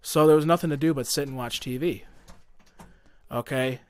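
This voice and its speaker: A man's voice: mid-range voice, moderate pace, smooth, no room sound. A young man telling a long personal story in a casual podcast chat, heated and profane, full of fillers and restarts. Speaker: podcast guest.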